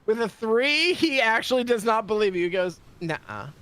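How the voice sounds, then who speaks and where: A man's voice: extremely high pitch, animated, normal speed, pushed and bright, smooth, no echo. A man running a tabletop game as game master, narrating in a casual way, laughing often and swearing freely.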